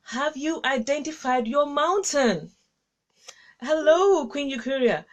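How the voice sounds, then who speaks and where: A woman with a fairly high voice hosts a casual live stream into her camera. She talks to viewers in an effusive, affectionate way. She laughs often and her pitch leaps up suddenly. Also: lively intonation, slow pace. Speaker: host of a live-streamed encouragement session.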